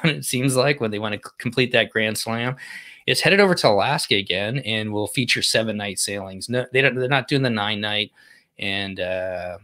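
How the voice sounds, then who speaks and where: A man's voice: medium pitch, pushed and bright. A man co-hosting a podcast, chatting casually through cruise news with fillers and restarts. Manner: conversational, frequent fillers and restarts. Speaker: podcast co-host.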